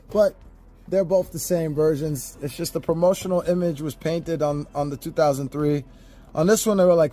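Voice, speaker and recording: A man with a slightly higher voice runs a casual toy unboxing review. He talks straight to his viewers, swearing freely and ranting in an animated, exasperated way. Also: normal speed. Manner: animated, profane, exasperated rants.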